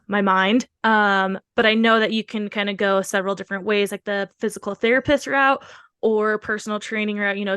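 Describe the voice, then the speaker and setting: A woman's voice: mid-range voice, clear, resonant tone, no room sound, clean studio sound. A woman hosting a podcast, chatting casually and rambling with lots of fillers. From Pacific Northwest of the US. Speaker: podcast host.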